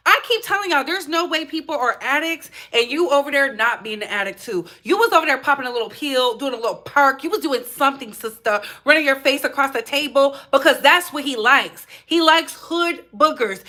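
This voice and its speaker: A woman's voice: high voice, bright, forceful tone. A woman giving blunt, sassy reaction commentary on a vlog, repeating her points for emphasis. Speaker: commentary vlogger.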